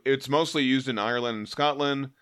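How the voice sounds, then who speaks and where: A man's voice: mid-range voice, brisk, fairly bright tone, clean tone. A man co-hosting a podcast, chatting casually and with enthusiasm about a comic book and its artwork. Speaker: podcast co-host.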